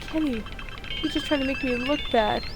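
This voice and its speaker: A woman voicing a shy, reserved teenage girl who pleads in a low voice. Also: normal speed, loud music behind the voice, poor audio. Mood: pleading. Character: shy, reserved teen girl defending herself.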